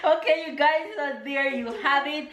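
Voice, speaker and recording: A woman's voice: high-pitched, normal speed, a bit bright, roomy sound, lo-fi sound. A woman with a Jamaican accent, vlogging casually from her home kitchen and teasing her partner. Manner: chatty, teasing, playful.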